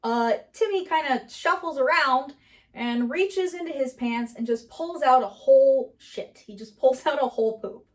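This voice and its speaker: Animated young-sounding woman explaining comedy. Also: high voice, normal speed. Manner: animated, laughs often, acts out quoted lines. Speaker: comedy writing teacher. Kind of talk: casual explainer lesson.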